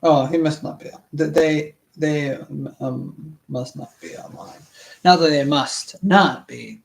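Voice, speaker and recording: A young man with a fairly high, gravelly voice hosts a casual book reading livestream at a measured pace. He rambles and stammers, full of fillers and restarts.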